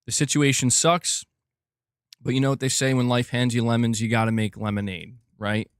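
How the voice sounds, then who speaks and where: A man's voice: mid-range voice, level tone, normal speed, clean tone, no echo, studio quality. A man hosting a gaming news livestream in casual commentary, reading donations aloud and talking straight to his chat. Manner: chatty, reads donations aloud, talks to chat directly.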